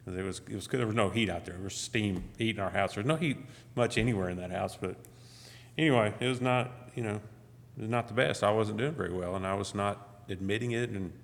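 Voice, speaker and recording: Low-voiced man preaching in a reverberant church. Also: quick pace, gravelly. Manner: conversational, frequent "you know" and restarts. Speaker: guest speaker. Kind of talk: sermon. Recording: long church hall reverb.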